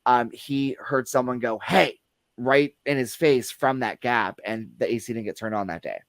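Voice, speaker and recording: A man in casual conversation, telling a guest's stories of strange events. He rambles, starts over and fills pauses with ums. The sound is dry and close. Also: mid-range voice, no room sound. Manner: rambling, many restarts and fillers. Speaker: guest theater employee. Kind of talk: casual paranormal discussion.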